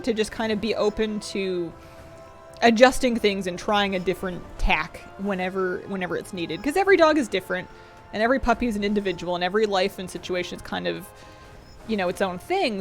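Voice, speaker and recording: A woman streamer talks in a loose, rambling way, often restarting her sentences. Her voice sits at an ordinary pitch, affectionate and unhurried. Soft music plays faintly behind her. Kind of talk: casual chat.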